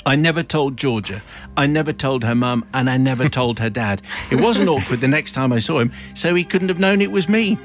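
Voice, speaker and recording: Over faint background music, a man hosting a radio show wryly narrates a listener's confession with chuckles before chatting in the studio. His medium-pitched voice is animated and fairly quick, picked up by a studio microphone.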